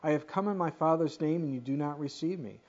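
A man preaching an expository sermon, reading scripture and breaking into emphatic, animated asides. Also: fairly high pitch, quick pace. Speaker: pastor. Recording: dull lo-fi recording.

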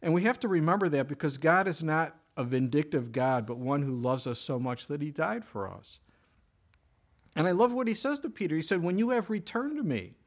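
A male pastor preaching a conversational sermon, his voice dropping soft and quiet in emotional moments. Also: on the high side, animated, a little fast.

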